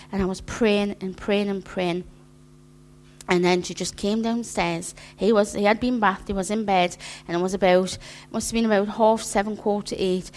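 A middle-aged woman preaching at church, sharing personal stories in a conversational, chuckling way. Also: medium pitch. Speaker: church speaker.

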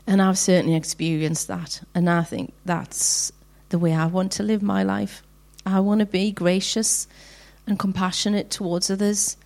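A middle-aged woman giving a heartfelt devotional talk to women, slowing down to read scripture passages earnestly. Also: mid-range voice, steady tone, darkish tone. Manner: heartfelt, earnest, slows down for readings. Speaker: women's ministry speaker.

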